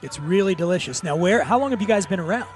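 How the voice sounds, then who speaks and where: Jokey, high-voiced man hosting outdoors. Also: expressive. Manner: jokey, quick banter. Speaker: show host. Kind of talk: casual interview chat. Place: outdoors at a music festival.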